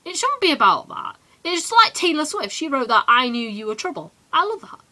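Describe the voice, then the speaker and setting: A teenage woman from England ranting in a casual vlog, animated and full of quick asides. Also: high-pitched. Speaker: vlogger.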